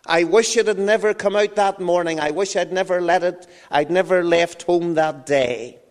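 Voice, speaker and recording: A man preaching, putting on the voice of a despairing young man crying out to God, high and loud in a long hall echo. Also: takes it slowly. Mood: pleading. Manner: pleading, anguished. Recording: long reverb of a large hall.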